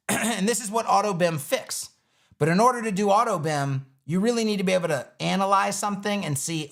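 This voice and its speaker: A man's voice: high voice, fairly quick, gravelly. A man teaching web design on a live stream, talking casually through each step as he builds a page on screen.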